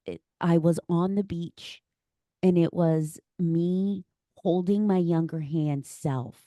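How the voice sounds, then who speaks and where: Deep-voiced, effusive woman podcast host. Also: fairly even intonation, takes it slowly, warm tone, no echo, clean studio sound. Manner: effusive and emotional, gushing praise. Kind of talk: conversational podcast interview.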